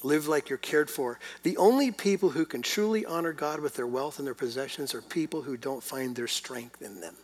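A man's voice: mid-range voice, expressive, brisk, few pauses, husky. A middle-aged man preaching a sermon, telling a family story and then pressing his point with rhetorical questions. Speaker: pastor.

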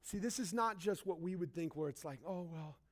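A young man preaching a sermon as pastor, animated, acting out quotes and swinging between loud and hushed. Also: sits high, brisk.

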